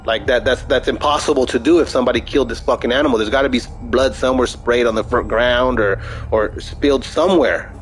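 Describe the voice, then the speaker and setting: A man's voice: medium pitch, fast, soft background music, low-quality recording. A young man chatting casually over gameplay, telling a story in a rambling, profane way with many restarts. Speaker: gaming streamer.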